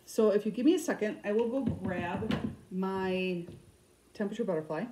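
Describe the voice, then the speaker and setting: A middle-aged woman with a Michigan accent, chatting fast and loosely to camera about her cross stitch projects, often restarting her sentences. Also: mid-range voice, background noise. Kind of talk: casual chat to camera.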